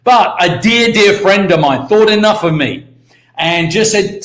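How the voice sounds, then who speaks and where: A British man giving an energetic motivational talk on a live stream, repeating key words and calling out to viewers by name. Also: high voice, a little slow, reverberant. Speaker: network marketing mentor hosting a live stream.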